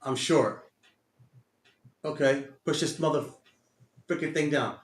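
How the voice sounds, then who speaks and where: A man with a Texan accent streaming his day trading live, berating himself and cursing, swinging between loud outbursts and low muttering. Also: slow, pauses often. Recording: echoey room sound.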